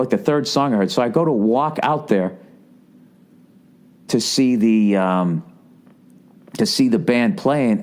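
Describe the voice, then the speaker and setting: A man's voice: medium pitch, a little mellow. A man in his forties hosting a solo podcast, telling a long, profane, self-deprecating story full of restarts and asides. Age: 40s. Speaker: podcast host.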